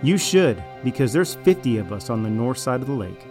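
A man's voice: medium pitch, big pitch swings, fairly quick, a little mellow, faint music behind. A man playing a smug, deceitful raider. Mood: smug, menacing. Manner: falsely friendly, then arrogant and threatening. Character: smug, deceitful male raider, manipulative and menacing. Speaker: voice actor in an audio drama. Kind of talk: audio drama acting.

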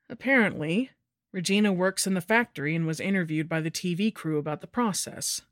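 A woman's voice: on the low side, dry recording, studio quality. A woman narrating a scripted horror story in a wry, sardonic first-person voice.

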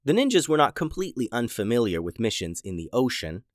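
Male storyteller for kids, very lively pitch, dry close sound. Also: fast talker, no room sound. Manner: animated, dramatic storytelling. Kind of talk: scripted children's story narration.

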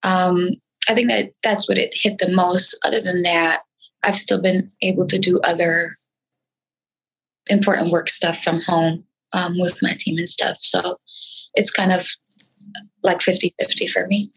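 A woman from New York, a rapper talking in a casual interview, with a nasal voice and halting speech full of restarts. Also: fairly even intonation, creaky, a bit bright, husky, lo-fi sound. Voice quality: nasal, sometimes high-pitched. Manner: frantic, halting speech with many restarts and fillers. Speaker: rapper guest.

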